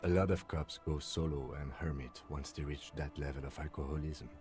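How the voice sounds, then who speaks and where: In a video game, a detective's inner voice, deep as it gets and bone dry. It delivers its verdicts in a flat, sardonic, matter-of-fact way over faint game music. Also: male voice, a little fast.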